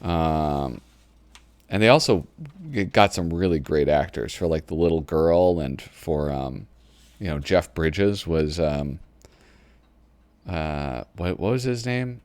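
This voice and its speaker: A man's voice: extremely low pitch, takes it slowly, a little mellow, no room sound. A man hosting a channel who chats casually and giggles as he flips through an old magazine at his computer. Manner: chatty, giggly, easily sidetracked. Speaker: host. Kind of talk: casual commentary while flipping through a magazine. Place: home computer desk.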